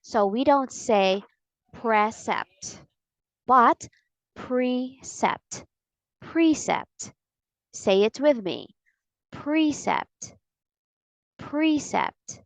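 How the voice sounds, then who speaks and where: A woman with an American accent teaching English pronunciation in a slow, deliberate lesson, repeating each word for drills. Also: on the high side, no room sound, low-quality recording.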